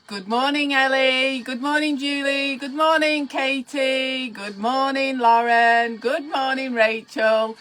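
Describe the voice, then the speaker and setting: Woman, live-stream host, giddy chatty manner, higher voice, bright tone. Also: steady tone, takes it slowly, hardly any pauses, poor audio. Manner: giddy and chatty, fussing over her pets. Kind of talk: casual live-stream chat to viewers. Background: faint Halloween music.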